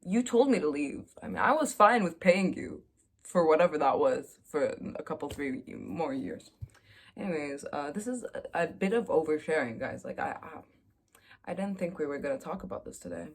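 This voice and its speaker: Young woman vlogger with a slightly low voice, candid and self-mocking, casual confessional delivery. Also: animated, normal speed, breathy edge.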